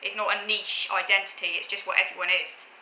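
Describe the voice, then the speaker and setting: Her voice mid-range, bright, and sharp-edged, a woman vlogger lectures earnestly to camera about her opinions, speaking fast with little pitch movement. She often breaks off and restarts phrases, and the spacious, echoey room carries a faint background hum.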